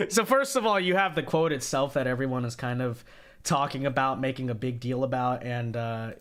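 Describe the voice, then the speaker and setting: A young man hosting a casual political commentary show, talking sarcastically and mocking quotes in a high, whiny voice. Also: lively intonation, moderate pace, fairly bright tone.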